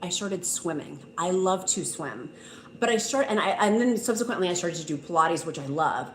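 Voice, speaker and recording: A gushing, chatty woman talks casually on a home live stream. Her voice sits a little low, and it rings around an echoey room. A faint hiss runs under it. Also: lively intonation, normal speed, a bit bright. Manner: gushing, chatty, reads viewer comments aloud. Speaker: host of a live weight loss stream. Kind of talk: casual live-stream chat reading comments.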